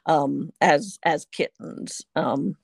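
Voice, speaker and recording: A woman's voice: deep voice, slow pace, gravelly, slightly rough, no echo, clean studio sound. A woman in her fifties, a podcast guest, chatting casually with restarts and easy laughter. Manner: rambling, self-correcting, laughs easily. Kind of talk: casual interview chat.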